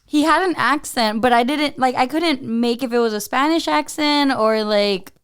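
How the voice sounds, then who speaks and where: Young woman co-host, chatty storyteller, high and smooth voice. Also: normal speed, a bit bright. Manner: chatty, lots of "like". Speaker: podcast co-host. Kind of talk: casual storytelling.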